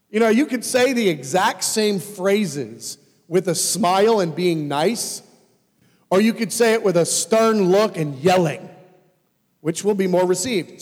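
A man preaching a sermon as pastor, animated and swinging between loud emphasis and hushed asides. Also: high voice, breathy edge. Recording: long hall reverb.

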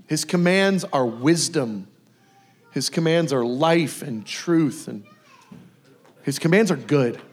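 A man giving a casual, conversational sermon, often acting out lively bits of dialogue. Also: a little high. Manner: casual, animated, acts out dialogue. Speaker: preacher.

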